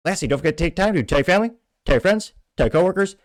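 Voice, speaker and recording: Fast-talking male show host, dry sound. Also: high-pitched, expressive, dry recording. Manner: rapid, emphatic, scornful commentary. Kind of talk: reading and commenting on social media posts.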